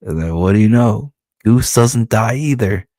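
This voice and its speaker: A man, a comic book creator, walking through his comic in profane, animated storytelling. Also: lowish voice, unhurried, no room sound, clean studio sound. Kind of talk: casual comic-book walkthrough.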